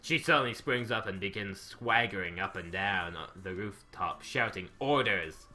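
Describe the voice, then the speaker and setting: Bright-voiced man narrating a game. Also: fairly low pitch, normal speed, faint music behind. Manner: wry, ad-libbing between narration. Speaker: let's play host. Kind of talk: reading a visual novel aloud, joking.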